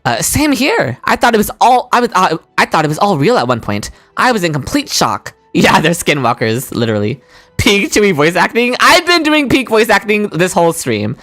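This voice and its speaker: A woman streaming a game, chatting excitedly and voicing the characters' lines herself. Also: mid-range voice, moderate pace, faint music behind. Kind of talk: game stream, reading dialogue aloud.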